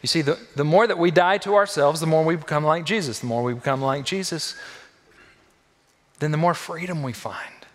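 A male pastor preaching a sermon in a church, with emphatic repeated phrases and sudden swings between quiet and loud. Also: on the high side, moderate pace. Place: church sanctuary. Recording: long echo of a large hall.

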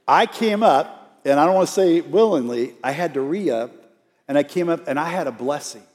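A man's voice: a little high, animated, moderate pace, darkish tone. Man preaching a storytelling sermon. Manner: storytelling, coaxes the congregation to repeat lines. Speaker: outreach minister. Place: church sanctuary. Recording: church hall with long reverb.

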